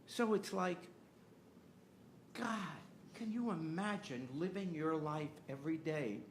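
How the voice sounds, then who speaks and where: An older man with a somewhat high voice hosts a podcast, telling a personal story in an earnest, searching way. His delivery turns impassioned as he presses his point. A faint ambient hum sits under his speech. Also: slow. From United States. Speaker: podcast host.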